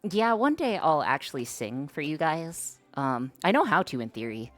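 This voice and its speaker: A woman with a strikingly deep voice chats casually with the audience of her live stream, sounding hesitant and self-conscious as she fills her speech with fillers and restarts. Her pitch swings widely at a moderate pace, the tone is slightly bright with no echo, and faint music plays beneath her.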